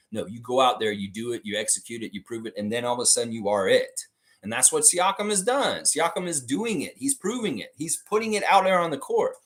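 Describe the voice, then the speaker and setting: A man hosting a casual livestream argues with his chat, speaking bluntly and with swearing. His mid-range voice is a bit bright.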